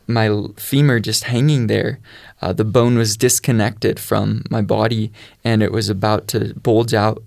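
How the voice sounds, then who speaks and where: A man's voice: fairly low pitch, gravelly, dry recording, studio quality. A man telling his faith testimony in an earnest, storytelling way. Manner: earnest storytelling, quotes his own prayers. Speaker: guest sharing testimony.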